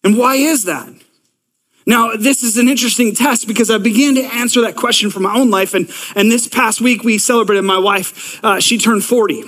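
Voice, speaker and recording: Male pastor, thirties, high voice, energetic off-the-cuff preaching with restarts, big reverberant hall. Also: moderate pace. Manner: energetic, repeats words and restarts often. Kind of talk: sermon. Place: large church hall with long reverb.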